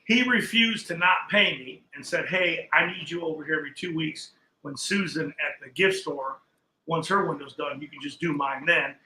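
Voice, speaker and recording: A man's voice: a little high, moderate pace, pushed and bright, roomy sound, low-quality recording. An older man casually telling a long story as a podcast guest, acting out the people he quotes.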